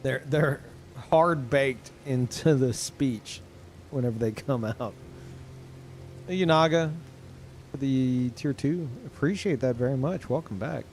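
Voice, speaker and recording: A tired, low-energy young game streamer rambles through casual chat, swearing a lot and full of ums and restarts. His voice is unhurried and a little mellow, with a bit of hiss or hum in the audio.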